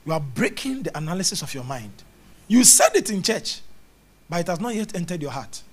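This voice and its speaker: A man preaching a charismatic sermon, animated, acting out little scenes with mimicked voices and sounds. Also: high-pitched, a little fast, slightly rough. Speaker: prophet preaching.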